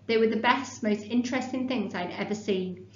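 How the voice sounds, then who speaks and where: A woman teacher reading a story aloud to her class in clear, expressive storytelling, then explaining the activity. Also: on the high side, normal speed. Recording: echoey, slightly dull, faint hum.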